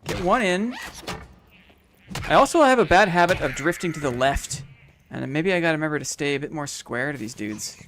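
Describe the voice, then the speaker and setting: A man's voice: on the high side, expressive, moderate pace, noisy background. A young man with a small-town Canadian accent, chatting casually while streaming a game, thanking viewers and making playful sound effects. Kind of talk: casual gameplay commentary.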